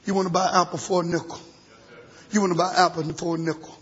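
A man's voice: sits high, flat delivery, fairly bright tone, breathy edge. Man voicing a blind little apple-selling girl. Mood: pleading. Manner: quick, repeated sales call. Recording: dull, echoey church recording.

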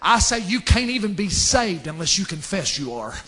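A male preacher delivers a fervent sermon in a high, husky voice. His pitch swings widely, from low murmured asides to soaring shouted lines of scripture. The tone is bright and forceful. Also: sing-song, normal speed.

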